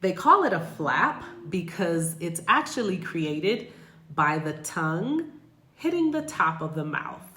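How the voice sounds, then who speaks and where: American lady teaching pronunciation, low voice, slow and careful, echoey room. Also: sing-song, bright, forceful tone. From United States. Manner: slow, careful, repeats example words. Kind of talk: pronunciation lesson.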